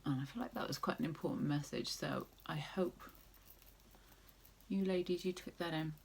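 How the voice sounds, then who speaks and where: Low, gravelly woman chatting through a makeup tutorial. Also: normal speed, a little hiss or hum. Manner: chatty, rambling, jokey asides. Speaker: makeup vlogger. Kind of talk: casual makeup tutorial chat.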